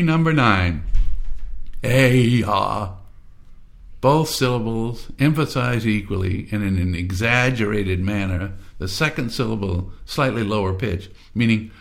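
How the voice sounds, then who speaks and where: A man's voice: fairly low pitch, creaky. Folksy man demonstrating sounds playfully. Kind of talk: casual spoken explanation with demonstrations.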